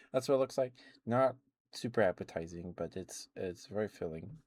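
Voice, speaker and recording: A man doing soft-spoken ASMR on a stream, chatting relaxed while eating candy into a close mic. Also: fairly low pitch, moderate pace.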